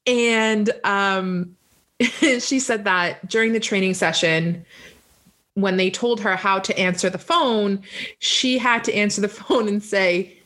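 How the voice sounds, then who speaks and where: A woman's voice: medium pitch, takes it slowly, fairly bright tone. A woman co-hosting a podcast, telling a story in casual chat, laughing often and swearing casually. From Canada. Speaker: podcast co-host.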